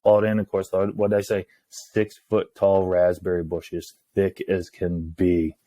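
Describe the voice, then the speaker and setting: A man, a hunting guide, telling a story in casual talk, acting out the lines of others in a hushed voice. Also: low voice, measured pace, dry recording. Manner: animated, acts out quoted lines in a hushed voice.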